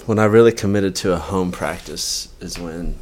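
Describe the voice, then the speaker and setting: A man answering as a guest in a casual interview about his yoga practice, relaxed and joking. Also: low voice, normal speed.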